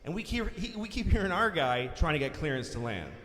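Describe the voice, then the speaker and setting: Man doing stand-up, sarcastic and fed up, fairly high voice, long hall echo. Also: sing-song, brisk, a bit bright. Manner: exasperated, sarcastic storytelling. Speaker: stand-up comedian. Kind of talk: stand-up comedy storytelling. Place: large concert hall stage. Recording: live concert hall, long reverb, audience noise.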